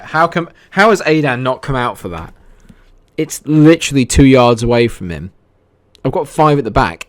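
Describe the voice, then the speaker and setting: A man giving casual commentary over a football management game, grumbling and exasperated as things go wrong. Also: deep voice. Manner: exasperated, grumbling, talks to himself. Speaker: gaming commentator.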